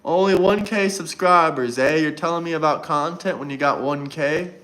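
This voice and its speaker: A man's voice: on the high side, moderate pace, fairly bright tone. A man hosting a casual livestream, talking to his chat and teasing viewers in a mocking way. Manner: mocking, taunting chat banter. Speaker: livestream host.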